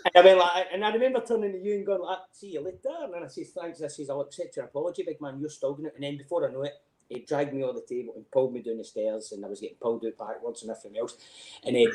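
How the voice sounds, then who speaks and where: Animated Scottish man telling stories. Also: a little high, roomy sound. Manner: animated storyteller, laughs often, swears freely. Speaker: podcast guest. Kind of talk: casual chat.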